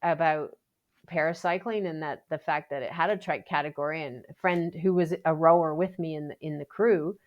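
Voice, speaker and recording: A woman's voice: low voice, fairly quick, muffled recording. A woman from Canada, a Paralympic athlete guest telling her story in a casual podcast interview, acting out quotes with lots of restarts. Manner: animated storyteller, acts out quotes, frequent restarts.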